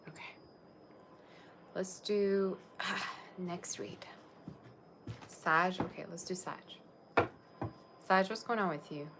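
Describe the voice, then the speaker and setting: A woman's voice: on the low side, slow, pauses often, noisy background. A woman tarot reader chatting casually on a livestream, rambling and talking straight to her viewers.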